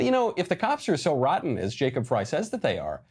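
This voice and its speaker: A man's voice: mid-range voice, normal speed, slightly rough. A man giving emphatic, sarcastic political commentary over news clips. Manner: emphatic, sarcastic, lively delivery.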